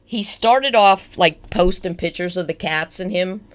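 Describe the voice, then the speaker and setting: A young woman co-hosting a casual podcast, her voice sitting a little low for a woman. She talks in an easygoing, chatty way and tells her stories with enthusiasm. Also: measured pace. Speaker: podcast co-host. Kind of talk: casual chat.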